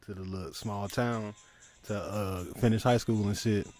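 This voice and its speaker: A man's voice: on the low side, fairly even intonation, moderate pace, a little mellow, soft background music. Young guy on a stream chat, rambly, slangy, keeps restarting his sentences. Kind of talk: casual chat.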